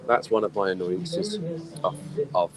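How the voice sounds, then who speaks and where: A man's voice: on the low side, big pitch swings, a little slow, very noisy. A man ranting in a rambling, exasperated way during a casual live stream from an outdoor poolside bar, audibly tipsy from drinking. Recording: clear music behind the voice. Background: music playing.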